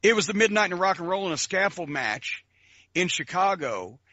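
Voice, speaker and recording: A man with a high, bright, sharp voice tells animated stories as a podcast guest, swearing freely, laughing and acting out the people he describes. The recording sounds dry and slightly muffled. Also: normal speed, no echo. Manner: profane, excitable, laughs often, imitates voices. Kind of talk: animated storytelling.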